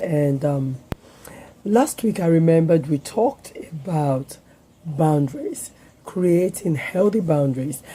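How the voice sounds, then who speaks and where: A woman hosting her own parenting vlog, her voice hoarse as it comes back, talking earnestly with filler pauses. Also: low-pitched, warm tone. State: hoarse, voice recovering. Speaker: vlogger and parenting show host. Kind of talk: solo vlog talk to viewers.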